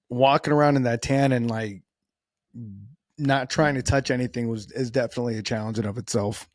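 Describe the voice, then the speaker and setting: A man hosts a solo podcast, chatting casually in a rambling, self-deprecating way and often starting his sentences over. His mid-range voice has a darkish tone, and the recording is clean studio sound with no room sound.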